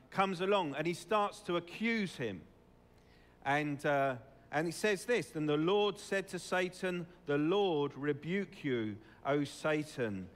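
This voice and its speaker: A man's voice: on the high side, a bit bright, in a large hall. A man preaching a conversational sermon, often putting questions to his congregation.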